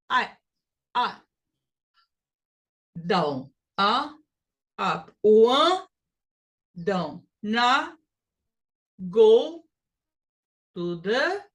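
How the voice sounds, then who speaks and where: A woman's voice: a little high, fairly bright tone. A woman teaching English pronunciation, repeating phrases to show stress and rhythm. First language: Portuguese. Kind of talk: pronunciation lesson.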